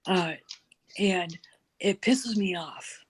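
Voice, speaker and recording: A woman's voice: lowish voice, extremely slow, slightly rough, rough recording. A woman talking emphatically and outspokenly as a guest in a casual political chat. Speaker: podcast guest.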